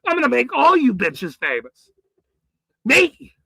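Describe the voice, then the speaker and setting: A man hosting his own channel, delivering an angry, profane, boastful rant straight to camera with frequent shouting. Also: extremely high pitch, huge pitch swings, measured pace, gravelly, breathy edge, dry recording, rough recording. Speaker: channel host.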